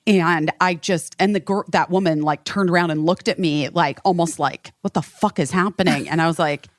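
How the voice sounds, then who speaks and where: Low-voiced rambling woman podcast host. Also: fairly even intonation, moderate pace, no echo. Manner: rambling, swears freely, many fillers. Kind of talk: casual chat.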